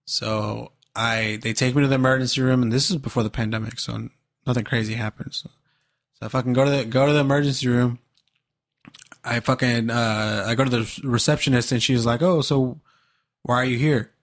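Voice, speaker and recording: Casual young man, mid-pitch, loose profane storyteller among friends. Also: steady tone, a little fast. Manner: profane storytelling, laid-back slang. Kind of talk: casual chat.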